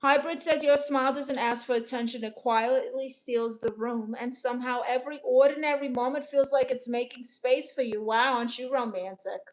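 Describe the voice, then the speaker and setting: A young woman from Brooklyn reading out her chat on a casual livestream, dry, deadpan and sarcastic. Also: sits high, moderate pace, hardly any pauses. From Brooklyn, New York. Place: home in Los Angeles.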